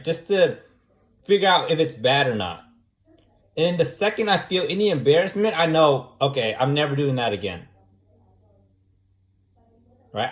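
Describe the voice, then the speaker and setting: A man in a casual monologue who argues his point over and over and keeps asking "right?". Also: fairly high pitch. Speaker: vlogger. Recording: echoey room.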